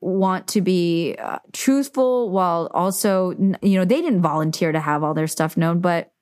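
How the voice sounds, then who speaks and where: A woman's voice: lowish voice, moderate pace, darkish tone, no room sound, clean studio sound. A young woman hosting a podcast, talking candidly and emphatically about family boundaries, with frequent "like" fillers. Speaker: podcast host.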